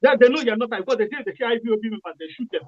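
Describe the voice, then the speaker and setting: A man's voice: very high voice, racing, no echo, dull audio. A Nigerian man calling in to a radio discussion, impassioned and repeating himself, restarting phrases as he argues. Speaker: caller.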